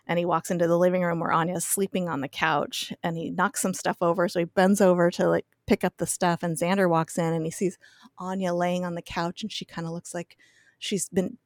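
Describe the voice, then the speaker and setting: A woman's voice: lowish voice, no echo. Giggly woman recapping, dry close sound. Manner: laughs often, acts out characters' lines. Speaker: guest recapping an episode. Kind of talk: casual podcast chat. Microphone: podcast mic.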